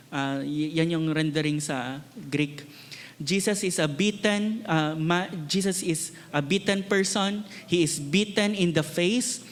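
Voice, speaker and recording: A Filipino-accented man preaching an earnest sermon, his voice sitting a bit higher than most men's. He repeats key words to drive them home. A long reverb from the church hall trails behind each phrase. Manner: earnest preaching, switching between English and Tagalog, repeating words for emphasis. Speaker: pastor.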